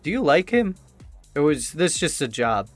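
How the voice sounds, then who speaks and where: A man playing a tabletop role-playing game, joking and talking directly in quick bursts. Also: on the high side, sing-song, faint music behind. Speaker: player. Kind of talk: casual tabletop play.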